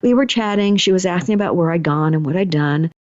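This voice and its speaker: Speaking fast at a fairly low pitch, a middle-aged woman with a slightly mellow voice shares a personal story on her podcast. She's an energy healer as well as the host, keeps it chatty, and acts out quoted thoughts and conversation. There's no echo; the mic is dry and a bit dull.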